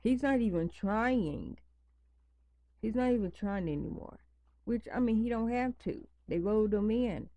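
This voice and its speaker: A woman's voice: fairly high pitch, a little slow, mellow, no room sound. A woman talking casually to her viewers at home, rambling and repeating her points for emphasis. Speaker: vlogger. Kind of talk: casual chat to camera. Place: home at night, near pets.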